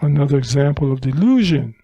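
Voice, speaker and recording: A man's voice: mid-range voice, expressive, a little fast, creaky, dark tone, husky, dry recording. A man giving a Buddhist dharma talk at a retreat center, teaching unhurriedly with emphatic repetition.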